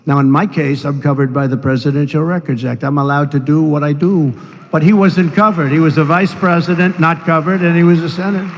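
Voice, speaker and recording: A man in his seventies with a fairly high voice delivers a rambling rally speech in a steady, brisk tone, full of asides and mocking impressions. The recording carries the long reverb of a large rally venue and a faint noise.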